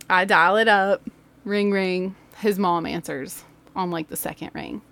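In an unhurried mid-range voice, a woman podcast host who used to teach recounts a humorous moment from her classroom. The monologue is animated, full of laughter and acted-out voices, recorded in a home studio set up in her laundry room.

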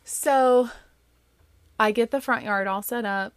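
Woman, thirties, casual storyteller, lively and chatty, dry close sound. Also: slow, no room sound. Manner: lively, chatty, full of "like" fillers, jumps much higher for quoted voices. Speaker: mother telling a family story.

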